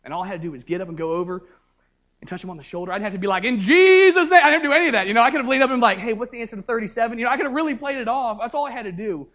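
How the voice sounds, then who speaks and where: A young man, a youth pastor, preaching a sermon and telling stories with lively energy, often repeating words as he goes. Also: sits high, rapid-fire, lo-fi sound. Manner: animated storytelling with frequent repeated words.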